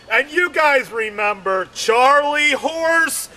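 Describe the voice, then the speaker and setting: Very high, slow-talking bright-voiced man. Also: slight background noise. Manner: rambling, repeats himself with many fillers; theatrical, acts out quotes in shouted high voices. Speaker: comedian. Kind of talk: stand-up comedy monologue.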